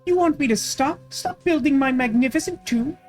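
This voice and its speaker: A woman's voice: high-pitched, normal speed, a little mellow, faint music behind, voice pushed up, lightly acted. Cleopatra, a woman putting on a vain cyber-ghost queen. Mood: smug. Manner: grand, theatrical declaiming. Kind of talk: voicing game characters.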